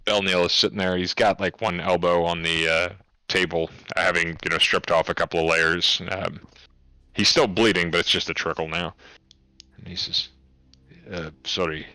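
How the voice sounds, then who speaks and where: A man narrating as game master of a tabletop game, halting and often restarting as he describes the scene and speaks for the characters. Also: low voice, steady tone, sharp tone, clear, resonant tone, no echo. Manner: halting, with many fillers and restarts.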